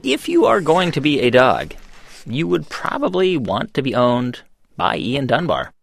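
A man's voice: medium pitch, wildly swooping pitch, a little slow, creaky, no echo. A man hosting a radio show, asking questions in a conversational, curious way. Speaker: radio host.

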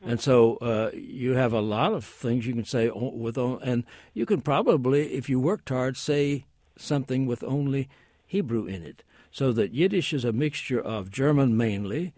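A man's voice: mid-range voice, normal speed, few pauses, warm tone, no room sound, clean studio sound. A man who is a guest language expert on a call-in radio show, explaining at length with many hesitations and asides.

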